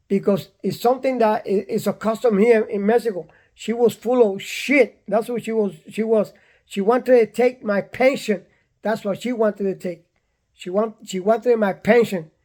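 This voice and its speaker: With a high voice, an older man from Puerto Rico relates something that happened to him, speaking in a blunt, lively manner, going over points again and performing other people's words.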